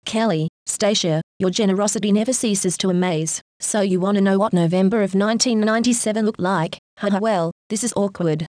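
A woman's voice: medium pitch, brisk, few pauses, a little mellow, dry recording, natural voice. A woman voicing a sarcastic robot newsreader with a dry, mock-formal delivery. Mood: wry. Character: smug female robot news announcer. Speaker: podcast segment robot.

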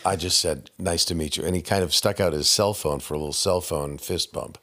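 A man from Canada, a guest voice actor, telling animated anecdotes in casual chat and slipping into impressions. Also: low-pitched, brisk. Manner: animated storyteller who slips into impressions.

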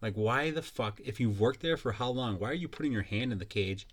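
A man's voice: medium pitch, animated, a little fast. A young man hosting a podcast, ranting in a blunt, profane and mocking way. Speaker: podcast host. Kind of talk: casual solo podcast rant.

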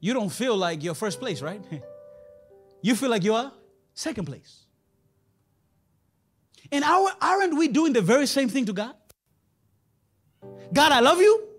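A man's voice: extremely high pitch, sing-song, unhurried, pauses often, faint music behind. A man preaching a sermon in a conversational way, often putting rhetorical questions to his listeners.

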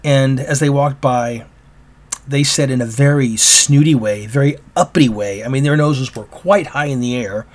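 A man hosting a solo opinion podcast, talking in a rambling, halting way with many restarts. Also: mid-range voice. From Oregon, US. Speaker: podcast host.

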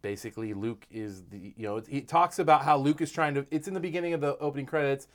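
A man's voice: mid-range voice, fast talker. A man co-hosting a casual chat, rambling with many fillers as he retells what someone else said. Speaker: podcast co-host.

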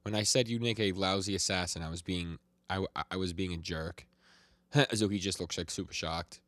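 Low-voiced guy on a podcast, retelling comic scenes, dry close mic, laughs a lot. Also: steady tone, moderate pace, a bit bright, no room sound. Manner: retells scenes, quoting characters with light voice shifts, frequent laughs and restarts. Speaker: podcast co-host. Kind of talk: casual chat recapping manga chapters.

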